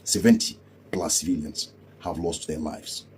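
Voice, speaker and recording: A man's voice: rumbling low, level tone, measured pace, a little mellow, slight background noise. A man from Africa giving heated political commentary, scornful and repeating rhetorical questions.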